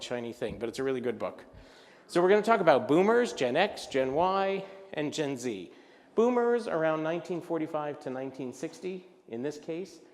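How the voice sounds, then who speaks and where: Older man telling comic stories in a hall. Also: mid-range voice. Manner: animated, acts out voices of others in his stories. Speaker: luncheon speaker. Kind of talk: comic storytelling talk. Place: event hall. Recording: reverberant hall.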